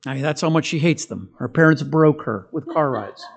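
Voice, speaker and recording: A male pastor giving a sermon in a church. He is emphatic and conversational, moving between strong stresses, quiet asides and humorous stories. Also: on the high side, animated, a little fast, gravelly, husky.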